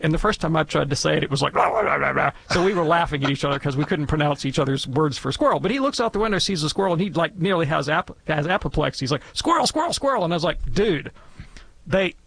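Man, gravelly voice, playful digressive explainer, radio guest. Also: a little high, rapid-fire, hardly any pauses, fairly bright tone. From Alabama, US. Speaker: guest theologian answering questions. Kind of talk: conversational radio Q&A.

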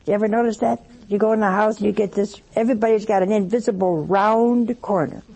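A woman giving a sermon, mixing slow emphatic phrasing with humorous anecdotes. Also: mid-range voice, steady tone, vocal fry, dark tone, slight background noise. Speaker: religious speaker. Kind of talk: sermon with storytelling.

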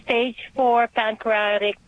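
A woman's voice: fairly high pitch, little pitch movement, takes it slowly. A woman calling in to a radio show to ask for prayers, speaking earnestly and devoutly. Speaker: caller. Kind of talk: phone-in prayer request. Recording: tinny phone line.

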